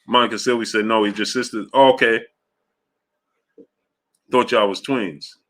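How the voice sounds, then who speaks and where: A man hosting a casual boxing livestream, rambling loosely between fan shout-outs and fight talk. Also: lowish voice, fairly even intonation, moderate pace. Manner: loose, rambling, drifts off track. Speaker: host of a live boxing show. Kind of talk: casual livestream chat reading super chats.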